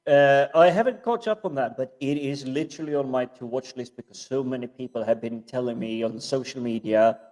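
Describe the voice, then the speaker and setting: A man's voice: mid-range voice, brisk, few pauses, a little mellow. A man hosting a casual panel chat, easygoing, reading out viewer comments with hesitant fillers.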